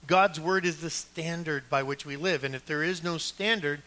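A man's voice: on the high side, moderate pace, pushed and bright. A man preaching a sermon as pastor of a church, building emphasis through repeated phrases and asking listeners to take notes.

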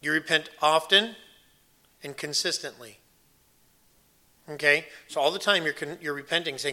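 Bright-voiced man preaching a sermon. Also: a little high, normal speed, pauses often. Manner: earnest, emphatic preaching with repeated phrases. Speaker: pastor.

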